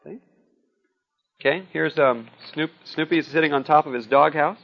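A man lectures to a class in a loose, conversational way, often pausing to check in with his listeners. His voice sits a little high for a man, and the recording is dull and lo-fi. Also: vocal fry. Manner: conversational, frequent "okay?" and "see?" checks.

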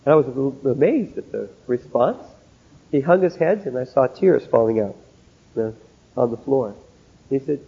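A man's voice: mid-range voice, lively intonation, moderate pace, gravelly, pauses often, husky. A man giving an earnest, tinny classroom sermon. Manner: earnest, direct, storytelling with asides. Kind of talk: sermon-style lecture to students. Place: classroom with a board. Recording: tinny narrow-band old recording.

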